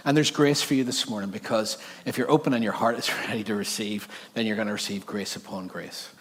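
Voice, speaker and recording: A man's voice: lowish voice, steady tone, a little fast, long reverb tail. A middle-aged man with a Northern Irish accent preaching a sermon in a chatty, joking way, laughing often. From Northern Ireland. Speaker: pastor. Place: large church hall.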